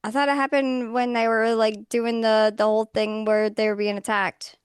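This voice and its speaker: A woman's voice: fairly high pitch, level tone, normal speed, clean tone, dry recording, clean studio sound. A woman co-hosting a podcast, chiming in on an anime recap with short playful reactions in casual chat. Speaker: podcast co-host.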